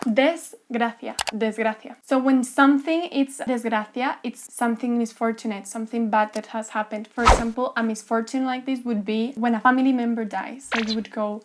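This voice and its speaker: A young woman teaching in a playful, animated way and acting out examples. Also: a little high, slight background noise. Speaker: language teacher. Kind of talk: casual explainer lesson.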